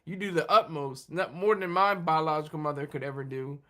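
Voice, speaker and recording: A man's voice: on the high side, fairly even intonation, fairly bright tone. A man hosting a casual livestream chat, rambling through restarts and asides as he answers viewers. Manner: rambling, halting, with many restarts and laughs. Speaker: livestream host talking with viewers.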